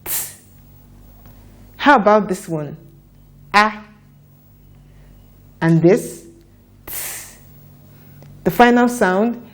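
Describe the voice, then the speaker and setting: A woman teaching a children's phonics lesson, sounding out letters and words slowly for young learners to repeat. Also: medium pitch. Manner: slow, deliberate, repeats sounds for children to echo.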